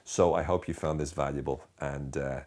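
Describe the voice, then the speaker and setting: Deep-voiced Irish man, deadpan sarcasm. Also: moderate pace. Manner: deadpan, sarcastic, bored drawl. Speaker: host. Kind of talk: sarcastic comedy monologue.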